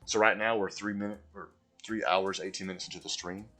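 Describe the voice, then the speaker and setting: A man's voice: low-pitched, flat delivery, a little fast, bright, forceful tone, faint music behind. A man live-streaming a video game, chatting casually and answering viewers from chat.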